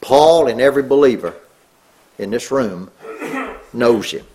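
A middle-aged man preaching a sermon, earnest, rising on key words and dropping low. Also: expressive, measured pace, warm tone, a little hiss or hum.

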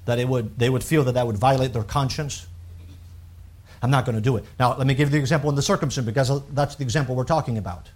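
This man talks fast as he preaches, his voice climbing with emphasis when he reads scripture. When he explains his points, he goes low and quiet.

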